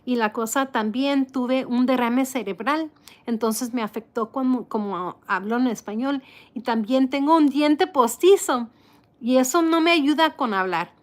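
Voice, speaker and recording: A woman's voice: sits high, moderate pace. A woman with an American accent hosting a casual live chat, talking loosely and switching between English and Spanish. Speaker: live stream host.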